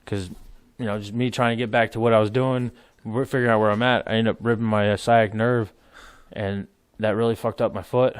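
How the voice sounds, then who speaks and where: A man's voice: on the low side, fairly even intonation, fairly quick, clear, resonant tone, no echo. A man in his thirties telling war stories in casual podcast chat, rambling, laughing and swearing freely. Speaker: podcast guest, military veteran. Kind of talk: casual storytelling.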